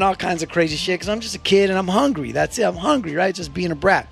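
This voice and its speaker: A man co-hosting a podcast, telling stories in casual chat, animated and swearing freely. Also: sits high, fast, gravelly, few pauses, faint music behind. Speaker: podcast co-host.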